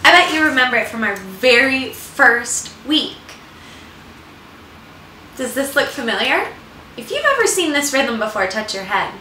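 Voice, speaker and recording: High, unhurried woman leading a kids' music class. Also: expressive, a little hiss or hum. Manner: bright, patient, addresses young children directly. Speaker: children's music host. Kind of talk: children's music lesson. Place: at home. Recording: roomy, distant, ukulele music behind. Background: ukulele playing.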